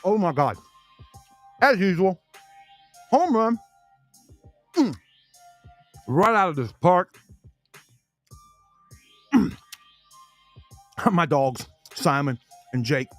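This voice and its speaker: A man's voice: high-pitched, big pitch swings, extremely slow, pauses often, dry recording, soft background music. A man hosting a casual sports podcast, talking in a rambling way, often repeating words and eating as he talks. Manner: chatty, repeats himself, talks with his mouth full. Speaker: podcast host.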